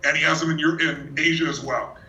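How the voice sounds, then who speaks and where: On stage in a big hall before a live audience, a motivational speaker works the crowd with energetic, emphatic storytelling and a teasing streak. His fairly high voice is bright and forceful and fairly quick. Heard from a distance, it rings with reverb.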